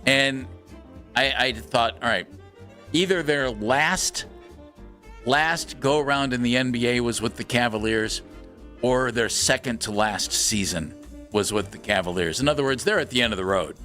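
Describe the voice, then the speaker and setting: A man's voice: medium pitch, measured pace, bright, forceful tone, soft background music. A man co-hosting a sports radio show, talking casually and dryly teasing his partner as he lays out a prepared bit. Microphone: studio microphone.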